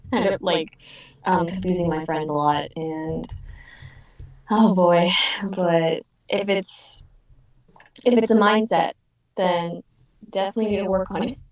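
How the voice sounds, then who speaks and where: A woman's voice: lowish voice, steady tone, takes it slowly, pauses often, a little mellow. A woman chatting in a group meeting, hesitant and full of fillers. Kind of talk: casual chat. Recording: echoey room, distant mic.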